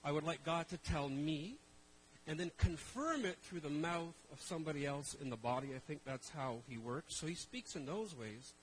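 High-voiced man preaching with wry humor. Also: normal speed, a little hiss or hum, low-quality recording. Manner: conversational, self-deprecating humor with rhetorical questions. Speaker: traveling minister. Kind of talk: sermon to a live congregation.

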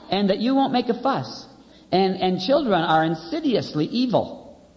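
A man's voice: high voice, expressive, takes it slowly, a little mellow. A man preaching a sermon in a wry, conversational way, often repeating his key phrases. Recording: dull lo-fi audio with long hall reverb.

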